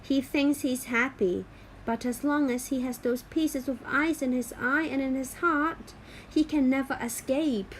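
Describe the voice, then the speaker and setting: A woman voicing a wise, kindly old woman who speaks slowly and gently. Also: high-pitched, steady tone, slight background noise, poor audio. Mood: gentle.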